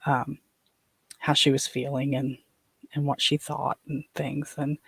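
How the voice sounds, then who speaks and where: Older man, flat monotone delivery, gravelly voice, rambling casual storytelling with many restarts, dry close recording. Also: mid-range voice, measured pace, no room sound. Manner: rambling, with frequent restarts and trailing fillers. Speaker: podcast host.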